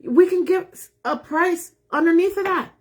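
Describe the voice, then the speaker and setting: A woman's voice: extremely high pitch, a little slow. A middle-aged woman real estate agent talking casually to viewers, emphatic and self-assured. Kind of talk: casual live talk to viewers.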